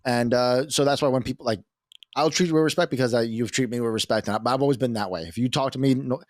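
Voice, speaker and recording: Man, podcast co-host, rapid-fire rambling, profane and cocky, casual chat, dry close sound. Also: medium pitch, no echo. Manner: rambling, profane, self-assured.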